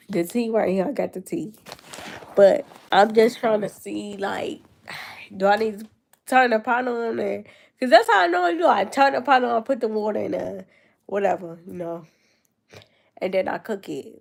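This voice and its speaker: A woman's voice: mid-range voice, normal speed, vocal fry, pauses often. A nineteen-year-old woman with a cold and a stuffed-up nose, rambling in casual chat with her viewers on a livestream. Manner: rambling, answering chat comments.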